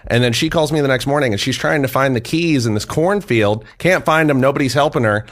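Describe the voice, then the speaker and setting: A man in his thirties spins a long personal story for a podcast. His talk is loose and rambling, packed with "like" and "uh", and he breaks into quick laughs at himself. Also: mid-range voice, a bit bright. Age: 30s. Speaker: podcast guest. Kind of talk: casual storytelling.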